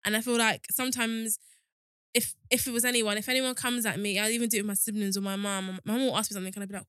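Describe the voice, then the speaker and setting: Bright-voiced young woman co-host. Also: fairly high pitch, steady tone, fast, no echo, clean studio sound. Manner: laughing, self-aware, candid. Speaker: podcast co-host. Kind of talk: casual chat.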